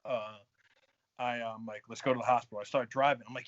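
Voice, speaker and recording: A man, a guest on a podcast, telling a story in an animated, profane way and laughing as he goes. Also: medium pitch, a little fast, no room sound. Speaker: guest, fighter. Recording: dull dry lo-fi podcast audio.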